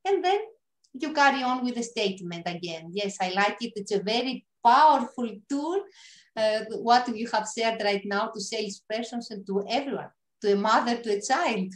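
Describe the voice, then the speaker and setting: A woman hosting an interview, agreeing warmly with her guest and asking questions in slightly non-native phrasing. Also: a little high, expressive, moderate pace, echoey room, rough recording. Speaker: interview host. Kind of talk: conversational interview.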